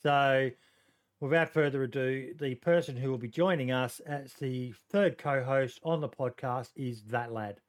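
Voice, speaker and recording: A man's voice: mid-range voice, a little slow. A man with an Australian accent hosting a casual podcast chat, hesitant with lots of ums and joking. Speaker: podcast host.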